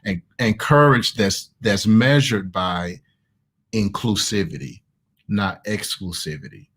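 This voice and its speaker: Low-voiced Southern pastor, emphatic repetition. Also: male voice, slow, a bit bright, slightly rough. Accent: American Southern. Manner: emphatic, repeats key words. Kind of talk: conversational online sermon.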